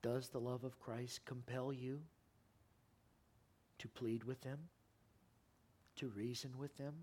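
A man preaching a sermon in a church, impassioned, his voice climbing high and loud, then sinking to a quiet, earnest plea. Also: flat delivery, slow. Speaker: pastor. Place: church sanctuary.

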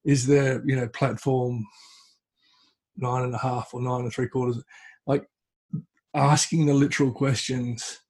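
A man, a podcast guest, telling a folk tale in a relaxed conversational way, often stopping and restarting his phrases. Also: mid-range voice, a little slow, long pauses. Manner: hesitant, restarts phrases, tells story with acted quotes. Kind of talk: conversational storytelling. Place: at home with a cat.

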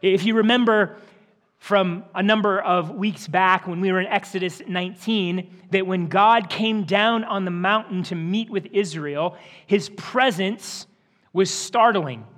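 Male pastor, high voice, earnest sermon with stumbling restarts, long church reverb. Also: a little slow, fairly bright tone. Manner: earnest, with repeated word restarts. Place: church sanctuary.

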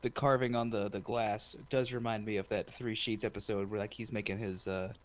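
A man's voice: lowish voice, steady tone, fairly quick. A man co-hosting a casual podcast chat, playful and rambling, with lots of "like" and "you know". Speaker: podcast co-host.

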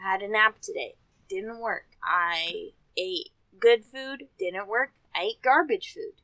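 A woman's voice: medium pitch, unhurried, sharp tone, no room sound. A young woman in her twenties co-hosting a casual podcast from inside a van, rambling and self-deprecating. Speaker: podcast co-host. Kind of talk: casual chat. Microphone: podcast microphone.

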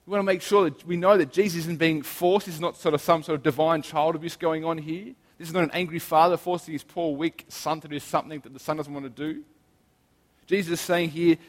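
Earnest preacher man, slightly high voice. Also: steady tone, long reverb tail. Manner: earnest, emphatic preaching with slow stressed phrases. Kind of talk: sermon.

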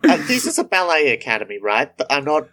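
A man's voice: on the high side, huge pitch swings, fast talker, sharp tone. A man co-hosting a podcast, casually chatting and raising skeptical questions. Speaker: podcast co-host. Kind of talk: casual chat.

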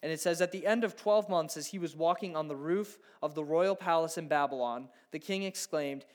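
A man's voice: a little high, brisk. A man in his thirties preaching a conversational sermon, acting out imagined inner thoughts. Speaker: pastor.

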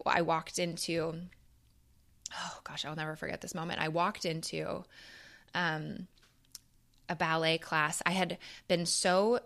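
A young woman with a slightly low voice tells her own life story in a candid, casual way. She speaks with open emotion and plenty of fillers, and now and then she swears. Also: sharp tone.

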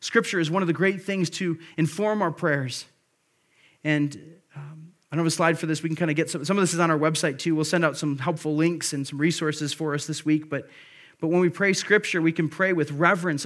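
A man's voice: a little high, steady tone, a little fast, a bit bright. Earnest male pastor preaching. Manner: earnest, exhorting, rises for emphasis. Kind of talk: sermon.

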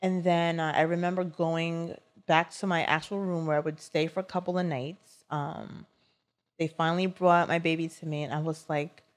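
A young woman co-hosting a podcast, telling a personal story in a casual, animated way with many "like" fillers. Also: deep voice, moderate pace. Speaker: podcast co-host.

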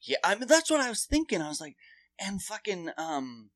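A man's voice: sits high, sing-song, normal speed, a bit bright, no echo. A man telling rambling, profane stories in a casual chat.

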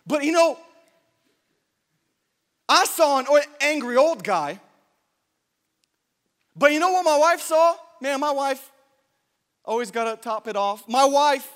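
Animated preacher man in echoing hall. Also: extremely high pitch, measured pace, pauses often. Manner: animated, jokey, self-interrupting. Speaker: pastor. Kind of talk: sermon with storytelling. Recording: long hall reverb.

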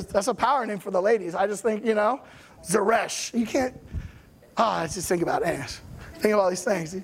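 A man preaching a sermon in a casual, animated storytelling way, often checking in with his listeners. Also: sits high.

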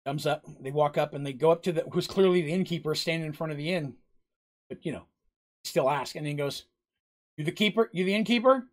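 Casual male game master narrating, fairly high voice. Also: fairly even intonation, brisk. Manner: casual, rambling, with restarts.

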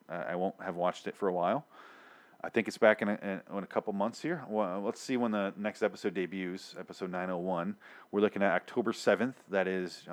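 Male solo podcast host, sarcastic and foul-mouthed ranter. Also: fairly low pitch. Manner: profane, sarcastic, animated rant. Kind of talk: ranting solo show review.

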